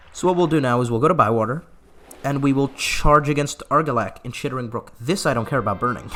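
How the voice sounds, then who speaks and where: A man's voice: medium pitch, fairly bright tone. A man giving casual gameplay commentary, laughing often and reading game text aloud with asides. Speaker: gaming YouTuber.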